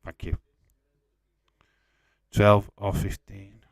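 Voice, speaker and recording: A man's voice: on the low side, flat delivery, very slow, no echo. A man hosting a casual live watch-along, chatting and teasing viewers while calling out match updates, swearing freely. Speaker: watch-along host reading viewer chat. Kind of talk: casual live commentary and chat.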